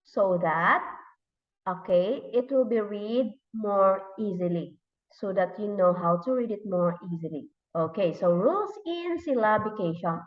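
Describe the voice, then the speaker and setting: A woman English teacher with a Thai accent leading a classroom lesson, slowly repeating words and sounding out letters and syllables. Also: medium pitch, animated, far from the mic. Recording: echoey room, dull lo-fi sound.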